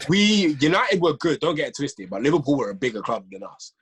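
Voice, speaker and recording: Rapid young London football fan. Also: male voice, on the high side, sing-song, a bit bright, slight background noise. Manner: argues with counts and facts, laid back. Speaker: guest, Manchester United fan. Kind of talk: casual football chat.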